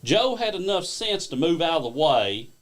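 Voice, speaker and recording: A man, a wrestling promotion owner and guest, telling stories in a casual, animated way and laughing along. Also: fairly high pitch, moderate pace. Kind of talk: casual storytelling on a live stream.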